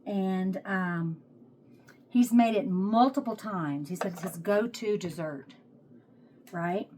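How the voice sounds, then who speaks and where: A woman's voice: medium pitch, slow, darkish tone, slight background noise. A woman with a Texas accent chatting casually while she cooks at home, thinking aloud as she works, recorded on a phone set on a tripod. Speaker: home cook vlogger. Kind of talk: casual cooking vlog chat. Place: home kitchen.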